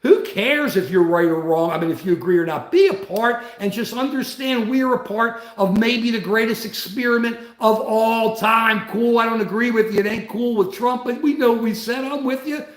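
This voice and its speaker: Excitable high-voiced man. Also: moderate pace, hardly any pauses, echoey room. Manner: excitable, worked up, reads out viewer comments. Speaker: livestream host. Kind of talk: casual livestream chat.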